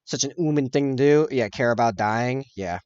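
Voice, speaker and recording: Painting miniatures on a casual livestream, this man rambles through answers to chat, often laughing and fixing his own words. His medium-pitched voice moves at normal speed, a little mellow, clear and resonant with no room sound, though the lo-fi audio is dull and dry.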